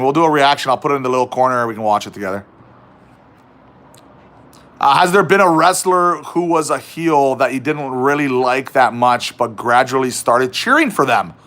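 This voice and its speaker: A man's voice: fairly high pitch, a bit bright. A man hosting a casual livestream chat, reading viewer questions aloud and teasing his guest. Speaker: livestream host.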